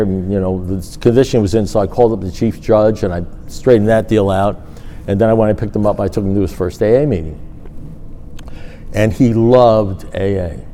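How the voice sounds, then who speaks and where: At a recovery meeting, a middle-aged man with a fairly low voice tells a rambling, lively story from his own life, acting out the dialogue. Some slight background noise can be heard.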